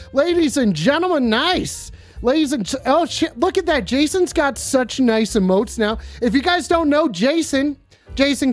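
A rowdy host in their thirties runs a live call-in stream, swearing constantly and breaking into loud whoops. The voice sits at an ordinary middle pitch, with faint music playing underneath. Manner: excitable, swears constantly, bursts into shouting. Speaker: live stream host taking phone calls. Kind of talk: loud, profane casual stream chat.

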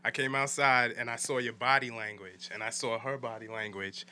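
A man appearing as a guest on a podcast, speaking tersely and quietly and drifting away from the mic. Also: mid-range voice, steady tone, moderate pace. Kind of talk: casual podcast chat.

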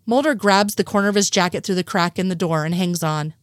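A woman reading a story aloud, voicing the characters' dialogue with shifts in pitch. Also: fast talker, hardly any pauses, dry recording, clean studio sound. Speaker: reader. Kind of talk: audiobook reading of fan fiction.

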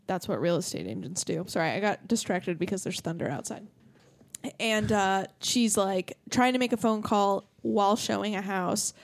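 A woman on a casual movie podcast, retelling a scene step by step. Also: mid-range voice. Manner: storytelling, recounts scenes in detail. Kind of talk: casual movie review chat.

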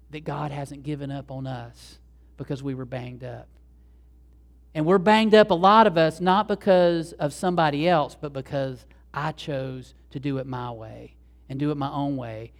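A man's voice: a little high, moderate pace, gravelly. A male pastor giving a sermon, telling a story in a conversational way with asides to the congregation.

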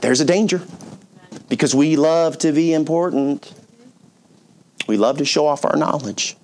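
A man's voice: fairly high pitch, measured pace, a little mellow. A male pastor preaching a storytelling sermon in a conversational, emphatic way, with casual asides to his listeners.

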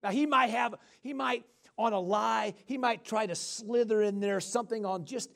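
A middle-aged man gives a lively sermon in a creaky voice that sits high, moving at a moderate pace. He poses questions to the congregation and answers himself amid shouts and laughter.

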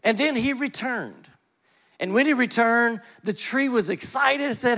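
A middle-aged man preaching a sermon, conversational and storytelling, slowing down for emphasis. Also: extremely high pitch, sharp tone. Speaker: pastor.

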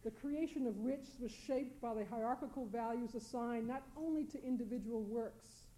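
A woman with a fairly high, mellow, warm voice delivers a prepared academic talk from a panel. She reads in a measured, deliberate way and presses hard on key words. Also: slight background noise, low-quality recording. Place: lecture hall panel.

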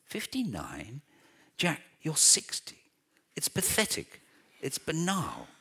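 A woman's voice: low voice, wildly swooping pitch, slow pace, breathy edge, pitched above the performer's own voice, heavily acted. A man voicing an angry middle-aged female judge who snaps out scornful retorts in an audiobook reading. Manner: sharp, scornful outbursts.

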